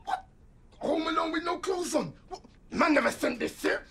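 An actor playing a furious, swaggering young London gangster who shouts threats and mocking laughs, over film score music. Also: male voice, extremely high pitch, lively intonation, normal speed, creaky, a little hiss or hum, full character voice. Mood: outraged. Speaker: block gang boss.

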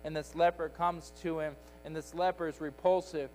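A man preaches a Sunday school lesson, building each point through emphatic repetition. His voice sits a little high for a man, and faint music hums underneath. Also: steady tone, normal speed, a little mellow, low-quality recording. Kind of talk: sermon. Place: church sanctuary.

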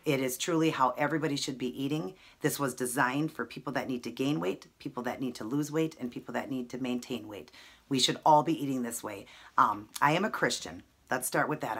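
Woman, thirties, very deep voice, husky, earnest, emotional, lots of ums, camera mic. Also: a bit bright. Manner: emotional, earnest, many fillers. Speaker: vlogger. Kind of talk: personal talk to camera.

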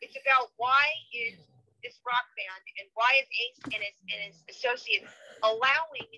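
A woman's voice: a little high, very animated, moderate pace, bright, forceful tone. A woman giving an interview guest's account, talking angrily and emphatically, swearing and often restarting her sentences. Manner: angry, emphatic, profane, with frequent restarts. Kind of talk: emotional interview talk. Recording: dull lo-fi sound.

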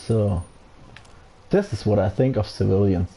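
A man's voice: on the low side, unhurried, creaky, dark tone, a little hiss or hum. A man giving live commentary on his gameplay, angry and swearing a lot. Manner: angry ranting, heavy swearing. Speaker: gaming streamer.

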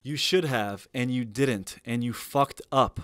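A man's voice: mid-range voice, unhurried, fairly bright tone, no room sound, studio quality. A young man hosting a reaction commentary video, talking bluntly, sarcastically and with heavy profanity.

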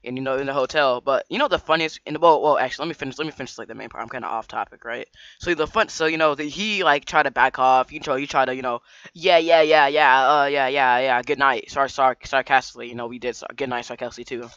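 A man's voice: mid-range voice, very fast, few pauses, a bit bright, no echo, dull audio. Rambling young man telling a storytime. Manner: rambling, full of restarts and slang. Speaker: vlogger. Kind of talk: casual storytime vlog.

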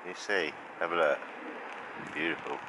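A man with a fairly low voice chats warmly to his camera as he feeds pigeons outside. He laughs often and calls the birds over by name. His handheld camera picks up clear traffic noise from the street. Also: normal speed. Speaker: vlogger feeding pigeons. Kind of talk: casual outdoor vlog narration. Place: outdoors by puddles, rain.

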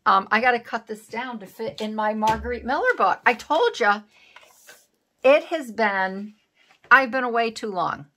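Female craft vlogger, bright voice, chatty and self-deprecating, casual running commentary while she works. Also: fairly high pitch, a little slow, a little hiss or hum. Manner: chatty, self-teasing, scatterbrained. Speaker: craft channel host. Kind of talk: casual crafting vlog chat.

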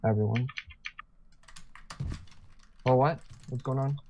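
A man's voice: mid-range voice, steady tone, slow pace, warm tone, dull audio, a little hiss or hum. A man co-playing a video game, chatting casually with short, laid-back replies. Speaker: co-player. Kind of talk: casual gameplay chat.

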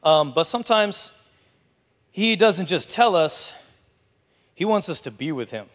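Male pastor, chatty sermon delivery, somewhat high voice, long hall reverb. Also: animated, unhurried, fairly bright tone. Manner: casual, chatty preaching with asides. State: out of breath. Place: church hall.

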